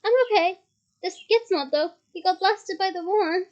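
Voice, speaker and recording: Woman doing young boy wizard sidekick, frightened, urgent, high voice, lo-fi muffled. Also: moderate pace.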